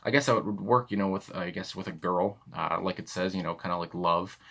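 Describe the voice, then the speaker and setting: A man's voice: low-pitched, steady tone, brisk, gravelly, pushed and bright. A young man hosting a music reaction video, talking casually and rambling with lots of fillers and restarts. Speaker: music reaction channel host.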